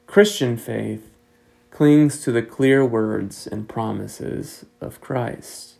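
A male pastor delivering a sermon in a measured, earnest way, building to pointed rhetorical questions. His voice sits in a middle pitch with a gravelly, fry-tinged edge. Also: darkish tone, poor audio.

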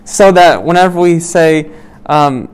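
A man leading a small Bible study group. He reads scripture aloud, then explains it in a loose, conversational way, asking "right?" often and pausing with "um.". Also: fairly high pitch, clean tone. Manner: many "um"s and restarts while explaining.

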